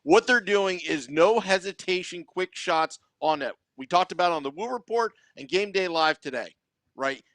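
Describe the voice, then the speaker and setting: Male co-host, methodical analyst, slightly high voice, dry close mic. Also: animated, normal speed, fairly bright tone, dry recording. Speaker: podcast co-host. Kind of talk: sports analysis chat.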